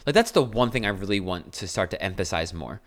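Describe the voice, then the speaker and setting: Young guy podcasting, lowish voice, blunt n earnest pep talk. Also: lively intonation, fast, a bit bright. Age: young adult. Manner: blunt and earnest, self-described aggressive tone. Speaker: podcast host. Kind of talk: casual motivational monologue.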